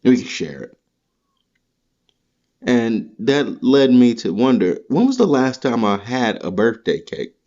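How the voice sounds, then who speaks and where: A man's voice: medium pitch, very animated, measured pace, darkish tone, dull audio. A man hosting a podcast, delivering a rambling, profane comedic monologue full of crude rants. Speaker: podcast host.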